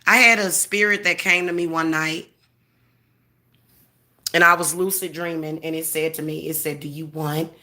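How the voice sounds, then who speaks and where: A woman's voice: lowish voice, steady tone, normal speed, long pauses, bright, forceful tone. A woman in her forties delivering a profane, confrontational, boastful rant straight to camera. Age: 40s. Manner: boastful, defiant. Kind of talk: ranting monologue to camera.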